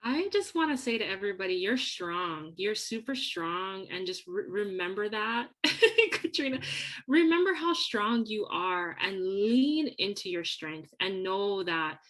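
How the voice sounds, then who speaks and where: A woman's voice: medium pitch, lively intonation, measured pace, fairly bright tone. A woman guest on a podcast interview, speaking earnestly and encouragingly in a casual chat.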